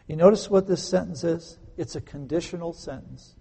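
A man preaching a sermon, emphatic, swinging between loud stresses and quiet conversational asides. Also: fairly high pitch, normal speed, creaky, few pauses, breathy edge. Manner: conversational, explains grammar with homely examples. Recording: echoey hall.

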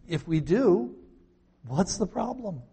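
A man giving conversational Bible teaching, firing rhetorical questions at listeners with wry, sarcastic asides and swinging between soft and loud delivery. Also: high voice, sing-song, takes it slowly, slightly rough. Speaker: pastor.

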